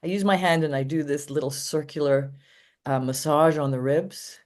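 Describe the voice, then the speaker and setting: Older woman, guest dog trainer, low-pitched, rambling anecdotal interview chat. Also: steady tone, moderate pace, darkish tone. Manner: rambling anecdotal storytelling with frequent laughs.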